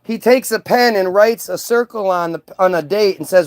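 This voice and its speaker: A man's voice: sits high, normal speed, few pauses. A man hosting a livestream, ranting casually to his chat in a heated, profane way with many restarts. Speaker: livestream host. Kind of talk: casual rant to a live chat.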